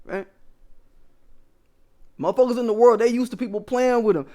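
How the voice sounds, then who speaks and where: High-voiced man telling a blunt story. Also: moderate pace, warm tone. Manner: emphatic, profane, keeps checking in with listeners. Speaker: vlogger. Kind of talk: casual storytelling monologue to viewers.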